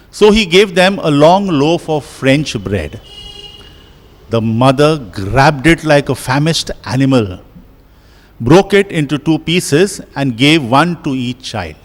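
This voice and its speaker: A man, a priest preaching a homily in a slow, deliberate way with emphatic pauses. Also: a little high. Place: large church. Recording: long church reverb.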